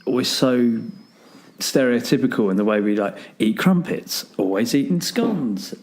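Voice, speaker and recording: A man's voice: medium pitch, sing-song, measured pace, darkish tone, slight background noise. A British man co-hosting a podcast, bantering in a blunt, jokey, matey way. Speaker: podcast co-host.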